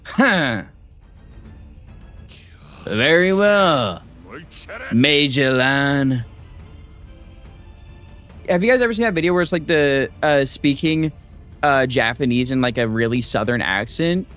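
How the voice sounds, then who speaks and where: A man streaming a story game, reading the text aloud and reacting with excitable, swear-filled outbursts. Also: medium pitch, brisk, soft background music. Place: home streaming setup.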